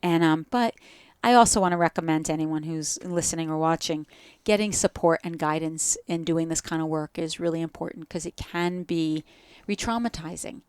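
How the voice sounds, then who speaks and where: An earnest woman with a New Jersey accent talks through ideas on a podcast, piling up short, repeated phrases. Her voice sits a little low. The sound is close and dry, with no room around it. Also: normal speed, darkish tone, clean tone, no room sound. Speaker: guest yoga teacher. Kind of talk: reflective podcast conversation.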